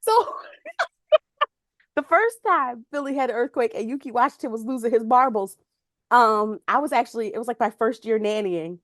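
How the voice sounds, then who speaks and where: A woman's voice: a little high, expressive, moderate pace, dry recording, clean studio sound. A woman from Pennsylvania co-hosting a podcast, telling stories animatedly in casual chat and laughing often. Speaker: podcast co-host.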